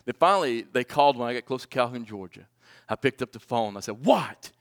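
A man in his forties preaching a personal testimony, swinging from loud pleading to hushed, low confession. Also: quick pace. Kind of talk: sermon testimony.

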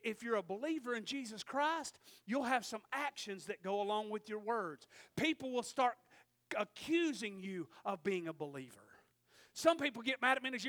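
A man's voice: extremely high pitch, fairly bright tone. A male preacher giving a fervent sermon and calling out to the congregation for amens.

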